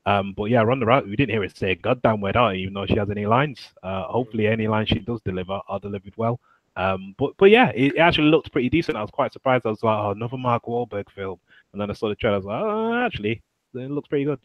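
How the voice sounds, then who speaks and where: A man's voice: on the low side, rapid-fire, no room sound, muffled recording. A man co-hosting a podcast, chatting casually and animatedly about film trailers, swearing freely and mimicking lines. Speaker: podcast co-host.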